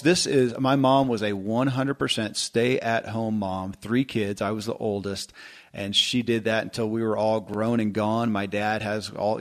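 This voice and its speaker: A middle-aged man hosting a podcast, talking in a rambling, self-deprecating way with many restarts. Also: on the low side. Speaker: podcast host. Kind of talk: casual podcast conversation.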